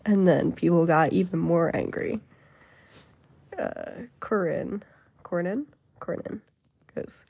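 A woman's voice: lowish voice, slow, vocal fry, long pauses, darkish tone, slightly rough. A woman hosting a casual podcast, reading an article aloud in a chatty, amused way with frequent fillers. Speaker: podcast host.

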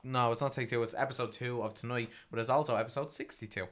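A man's voice: mid-range voice, steady tone, fast talker, fairly bright tone. Young guy chatting on a podcast, jokey and easygoing. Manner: chatty, jokey, drops playful put-on voices. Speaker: podcast co-host. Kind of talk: casual chat.

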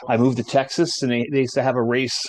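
A man's voice: medium pitch, little pitch movement, fast, darkish tone, slight background noise. A man in a casual chat, easygoing and explaining things step by step. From New Jersey. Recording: dry close sound.

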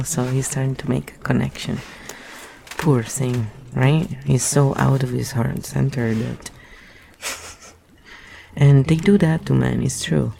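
A man's voice: mid-range voice, creaky, dark tone, a little hiss or hum. A man reading a book aloud and breaking off into rambling, musing asides. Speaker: reader.

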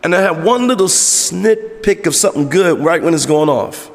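Male pastor, high voice, emphatic conversational preacher, big church reverb. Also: animated, moderate pace, vocal fry. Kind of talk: sermon. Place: church sanctuary with congregation. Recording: long hall reverb in a church.

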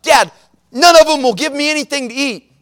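A man's voice: very high-pitched, a little fast, fairly bright tone. A man voicing his rambunctious young son in a whiny, cocky tone. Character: rambunctious little boy whining to his dad.

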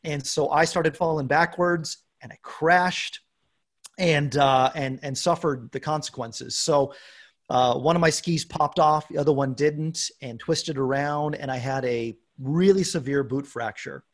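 Brief: forties male podcast host, a touch higher voice, animated and self-mocking storyteller. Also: unhurried. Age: 40s. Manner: animated storyteller, self-deprecating, acts out quoted dialogue. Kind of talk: casual podcast chat.

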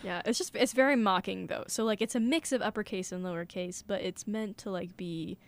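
A woman's voice: mid-range voice, fairly quick. A young woman guest on a casual talk show, explaining things at length with laughs. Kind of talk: casual podcast chat.

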